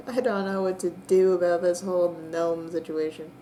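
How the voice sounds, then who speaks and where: A young woman narrating a text adventure game with bemused, drawn-out comic disbelief. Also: lowish voice, level tone, mellow, a little hiss or hum. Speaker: player and narrator.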